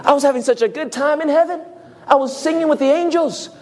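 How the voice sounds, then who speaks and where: A whiny, pleading man complains that he was pulled back from paradise, as a preacher mocks him. The voice sits high and hurries along in a needling singsong. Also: quick pace.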